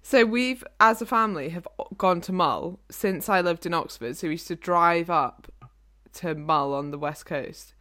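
A woman's voice: fairly low pitch, a bit bright. A woman with an English accent, co-hosting a podcast in easygoing, chatty conversation. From England. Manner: easygoing, chatty, quick to laugh. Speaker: podcast co-host. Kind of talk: casual chat.

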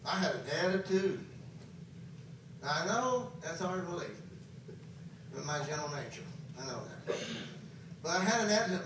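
A high-pitched man preaches with emphatic force, often checking in with his listeners. His voice comes from some way off the microphone in a very echoey hall. Faint noise hums underneath. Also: lively intonation, moderate pace, pauses often, far from the mic. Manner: emphatic, questions the congregation. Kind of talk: sermon. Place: camp meeting hall.

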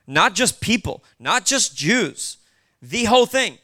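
A man's voice: sits high, animated, normal speed, pushed and bright. A male pastor preaching casually, with conversational asides to the congregation. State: short on sleep. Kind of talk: sermon.

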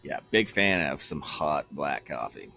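A man's voice: very deep voice, animated, unhurried, gravelly, bright, forceful tone, a little hiss or hum. A young man co-hosting a casual podcast, loose, joking and swearing freely. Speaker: podcast co-host.

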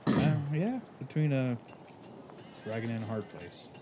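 A man's voice: medium pitch, sing-song, measured pace, very noisy. A man playing a tabletop game, chatting casually and cracking dry jokes. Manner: wisecracking, dry quips. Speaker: player.

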